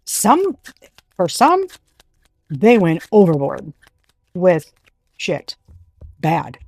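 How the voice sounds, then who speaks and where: A woman giving a casual tarot reading, blunt and animated, swearing freely. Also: on the low side, drawn-out words, gravelly, breathy edge, dry recording. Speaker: tarot reader.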